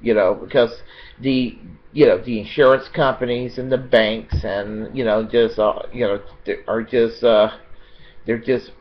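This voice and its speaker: An American man giving a rambling, unscripted political monologue, halting with many fillers and restarts and blunt with profanity. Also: medium pitch, steady tone, muffled recording, slight background noise. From United States.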